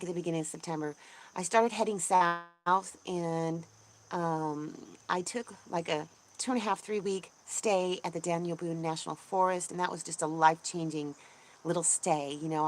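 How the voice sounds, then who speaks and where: A woman hosting a casual livestream, chatting in a rambling way with lots of ums and restarts and greeting viewers brightly. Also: lowish voice. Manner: bubbly, voice jumps up when greeting viewers. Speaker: homesteading channel host. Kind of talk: casual livestream chat, reading viewer comments.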